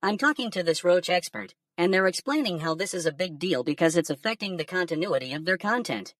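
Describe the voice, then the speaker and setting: A woman's voice: fairly low pitch, lively intonation, a little fast, no echo, studio quality, distant mic. A woman voicing a laid-back male alien pundit who curses and mocks humans in synthetic news commentary. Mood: mocking. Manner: cursing, mocking, stoner-casual.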